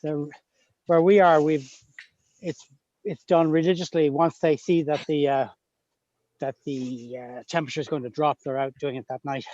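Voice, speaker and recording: A man's voice: fairly high pitch, fairly even intonation, moderate pace, a little mellow, no room sound. A man chatting casually on a group video call, thinking aloud with fillers. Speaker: live chat guest. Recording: muffled lo-fi audio.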